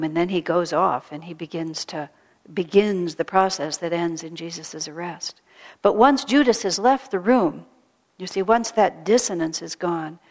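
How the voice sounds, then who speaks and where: A woman with a slightly low voice gives a spiritual storytelling talk. She speaks softly and reflectively, often sinking to a near whisper. She repeats key phrases for emphasis. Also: big-room sound. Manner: soft-spoken, often drops to a hush. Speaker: spiritual teacher.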